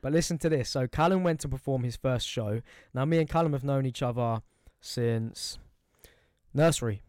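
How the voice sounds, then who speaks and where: A man's voice: mid-range voice, normal speed, darkish tone, no echo, clean studio sound. A young man co-hosting a podcast in casual, blunt chat full of slang. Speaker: podcast co-host.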